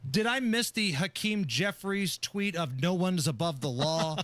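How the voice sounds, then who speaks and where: A sarcastic male talk radio host with a fairly high, bright and forceful voice. He laughs often and sounds close and dry in a studio booth. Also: animated, a little slow, no echo. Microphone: studio microphone.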